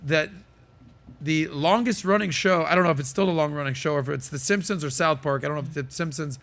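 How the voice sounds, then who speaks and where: A man's voice: a little high, fast, fairly bright tone. Emphatic podcast host, a man. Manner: emphatic, opinionated, many fillers. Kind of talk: casual podcast commentary.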